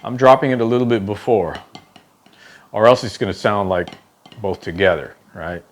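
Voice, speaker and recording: A man's voice: on the low side, normal speed, slight background noise. A man teaching a drum technique, explaining step by step, counting aloud while he demonstrates, and often checking in with "okay?". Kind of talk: instructional demonstration.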